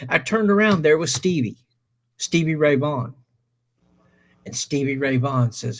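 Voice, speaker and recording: A man's voice: a little high, measured pace. A man hosting a stream, casually telling a long anecdote and acting out the people in it. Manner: animated anecdote teller, acts out quoted voices. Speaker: stream host. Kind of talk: casual storytelling.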